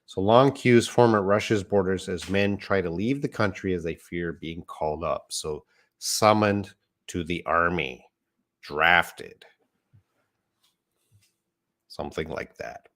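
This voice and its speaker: A man teaching English live, with a deep, low voice. He talks slowly and patiently, going over words one at a time and answering questions from the chat. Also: a bit bright. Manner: slow, patient explaining of words, reading viewer comments aloud. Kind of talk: live online English lesson.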